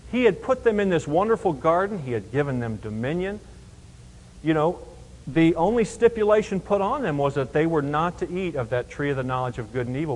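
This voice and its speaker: Man teaching scripture in a reverberant hall. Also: fairly high pitch. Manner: emphatic, explains verse by verse with rhetorical questions. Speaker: Bible teacher. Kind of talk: Bible teaching sermon.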